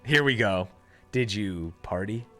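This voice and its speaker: A man's voice: fairly low pitch, animated, unhurried, sharp tone, soft background music. A male game streamer giving casual, joking, profane commentary while playing.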